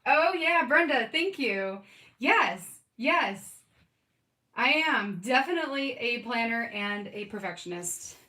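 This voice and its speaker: A woman's voice: a little high, expressive, slow pace, bright, forceful tone. A woman in her thirties hosting a live scrapbooking stream, chatting casually and giggling as she talks to viewers by name. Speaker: scrapbooking livestream host. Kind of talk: casual live crafting chat. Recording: roomy, from a distance.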